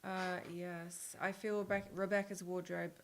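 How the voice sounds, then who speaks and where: A woman making relaxed, offhand small talk at home, a little away from the microphone. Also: fairly low pitch, a little slow, a little hiss or hum.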